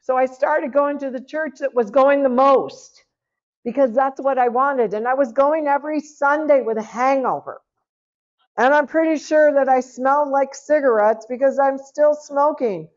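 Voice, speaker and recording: A middle-aged woman giving a personal testimony at a church seminar, telling her story in a lively way and acting out the dialogue. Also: sits high, normal speed. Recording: lo-fi, dull recording.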